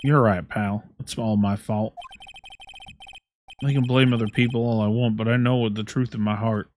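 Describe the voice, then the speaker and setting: A man doing a gruff blustering cop. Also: on the low side, fairly even intonation, normal speed, darkish tone, a little hiss or hum, voice pushed down, lightly acted. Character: gruff male police detective who says pal. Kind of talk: reading game dialogue aloud in voices.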